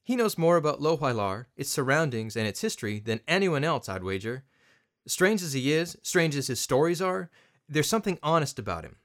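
A man voicing a gruff, weathered middle-aged father who speaks in brusque, terse lines. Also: on the high side, very animated, fairly quick, fairly bright tone. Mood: steady.

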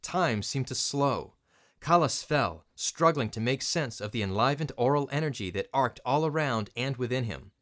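A man narrating a story in a scripted, expressive reading. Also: mid-range voice, moderate pace. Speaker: audiobook narrator.

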